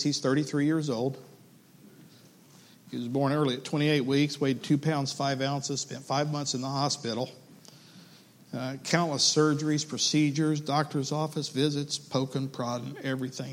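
A middle-aged man preaching a sermon in a church. He speaks earnestly and personally, and when he reads aloud he slows down and leans on each phrase. His pitch sits in an ordinary middle range. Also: slight background noise. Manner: earnest, reads a long list slowly and warmly. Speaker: pastor.

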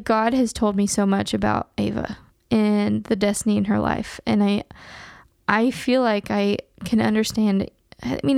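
A young woman hosting a podcast, talking casually and earnestly with quick asides and some laughter. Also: mid-range voice, vocal fry, darkish tone, dry recording, clean studio sound. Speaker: podcast host. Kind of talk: casual chat.

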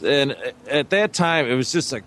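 A man chatting casually with friends, telling a long personal story. He swears freely and breaks into laughter as he acts out what was said. His voice sits in an ordinary middle pitch. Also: lively intonation, moderate pace, a bit bright. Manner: profane, laughs mid-story, acts out quotes. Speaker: podcast co-host telling a story. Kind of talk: casual chat.

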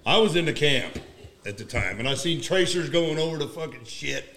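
A man, a retired Marine gunnery sergeant, telling war stories in an emphatic, profane, animated way. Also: fairly high pitch, a little fast, slight background noise. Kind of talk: casual war storytelling.

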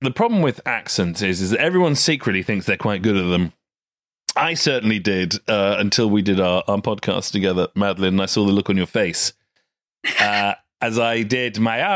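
A man's voice: on the low side, normal speed, a bit bright, no echo, clean studio sound. A man hosting a podcast, chatting casually, often hesitant and laughing. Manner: hesitant, frequent fillers and restarts, laughs often. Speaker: podcast host.

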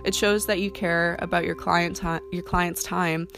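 A young woman talks casually about modeling work, rambling and chatty with plenty of ums and likes. Her voice sits low with a gravelly rasp. Soft guitar music plays faintly underneath. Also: little pitch movement, unhurried. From Canada. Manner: chatty, full of fillers like "um" and "like". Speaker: model giving career advice. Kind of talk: casual talking-to-camera advice.

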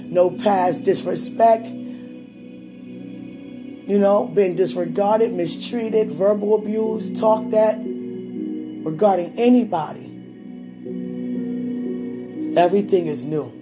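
A woman's voice: medium pitch, slow, over music. A woman sharing a personal devotional message with a loved one, speaking fervently and prayerfully and calling out to God.

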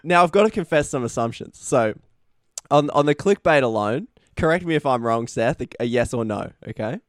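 A man's voice: mid-range voice, expressive, normal speed, dry recording, studio quality. A man hosting a casual podcast interview, chatty and teasing his guest. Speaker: podcast host.

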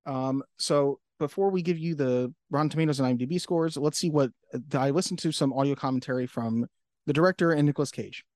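Guy cohosting a podcast, talks quick, slightly high voice, laughs a lot, dry close mic. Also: darkish tone, no echo. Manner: laughs often, acts out quotes. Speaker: podcast co-host. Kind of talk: casual chat.

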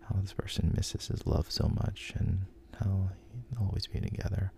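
A man softly retelling a story, unhurried, with frequent pauses and restarts. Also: low-pitched, completely flat delivery, gravelly, a little hiss or hum. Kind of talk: whispered storytelling.

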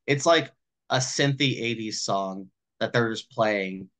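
A man co-hosting a podcast who talks a film over in casual chat, swearing freely and acting out the characters' lines in quick little voices. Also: on the low side, fairly bright tone. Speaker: podcast co-host.

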